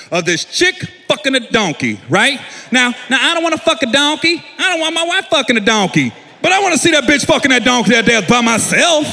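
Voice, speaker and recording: A man performing a stand-up comedy set, telling a story in an animated way and yelling his punchlines loud. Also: extremely high pitch, long reverb tail.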